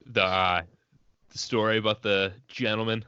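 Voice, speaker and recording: Low, bright-toned young man joking. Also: flat delivery, normal speed, clean tone, no echo. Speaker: podcast co-host. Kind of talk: casual storytelling chat. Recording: dry, dull lo-fi audio.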